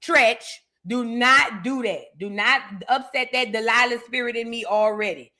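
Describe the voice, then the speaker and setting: A woman's voice: a little high, unhurried, sharp tone. A woman hosting a reaction show, chatting casually with playful, dramatic asides and bits of singing. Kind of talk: casual commentary.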